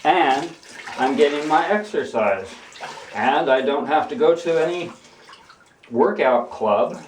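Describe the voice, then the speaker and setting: Recorded on a distant mic with a bit of hiss or hum, this man talks slowly in a fairly high voice with lively intonation. He washes clothes by hand in a bathtub for a casual how-to vlog, rambling, preaching and restarting often in an echoey bathroom with water running.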